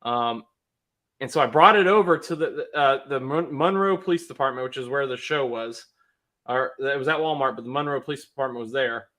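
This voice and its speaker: A man's voice: mid-range voice, fairly quick, a bit bright. A man in his thirties hosting a casual livestream, telling a rambling story, laughing often and greeting viewers in the chat. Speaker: livestream host.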